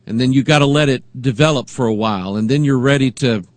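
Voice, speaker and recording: A man preaching a sermon as pastor, moving between quiet reflection and rising, emphatic delivery. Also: mid-range voice, quick pace, no room sound.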